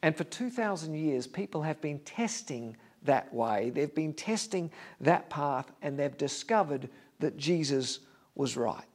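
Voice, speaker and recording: High-voiced, slow-preaching male pastor. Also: expressive. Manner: earnest preaching, dropping to a hush on key lines; standing before a congregation. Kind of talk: sermon.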